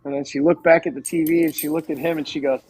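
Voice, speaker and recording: A man's voice: on the high side, fairly even intonation, fast talker, darkish tone, slight background noise, low-quality recording. A man co-hosting a podcast, telling a long anecdote in a laid-back, casual way. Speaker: podcast co-host. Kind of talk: casual storytelling chat.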